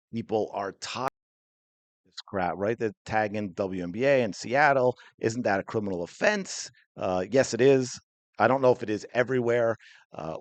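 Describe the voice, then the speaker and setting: Angry ranting man, low dry voice. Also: no room sound. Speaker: podcast host. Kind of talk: heated commentary.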